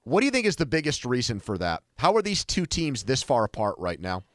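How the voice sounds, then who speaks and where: A man's voice: medium pitch, huge pitch swings, a little fast, no room sound, studio quality. A man hosting a sports talk show, leading the questions with some teasing. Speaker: sports radio host.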